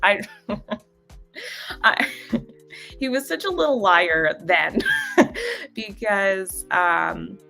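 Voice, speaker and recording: A woman hosts a relaxed live stream with a bright, clear-toned voice. She talks in a halting, unscripted way, full of fillers and little laughs. Faint music plays softly behind her. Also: mid-range voice. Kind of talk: casual live-stream chat, greeting viewers.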